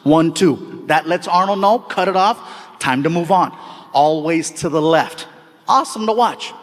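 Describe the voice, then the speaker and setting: A man doing stand-up storytelling in an animated, excitable way, laughing along with his own story. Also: fairly high pitch, unhurried, long reverb tail. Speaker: stand-up comedian.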